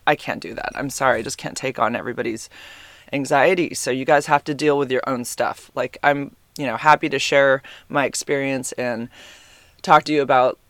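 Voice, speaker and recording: Chatty, bright-voiced man hosting a podcast. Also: medium pitch, normal speed, dry recording. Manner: rambling and chatty, full of "like" fillers; animated, exclaims and laughs often. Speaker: podcast host. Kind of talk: casual podcast chat. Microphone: podcast microphone, sitting a bit back from it.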